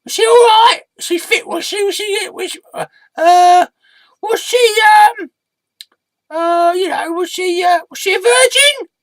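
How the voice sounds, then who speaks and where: A man voicing a brash, crude red sock puppet that shouts in a shrill voice. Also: unhurried, no room sound, heavily acted. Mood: pushy, shouting.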